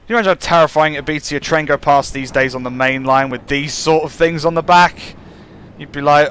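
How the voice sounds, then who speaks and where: A man's voice: a little high, fast, fairly bright tone, slight background noise. A man giving casual, musing commentary while playing a train simulator, chuckling often. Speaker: gameplay channel host.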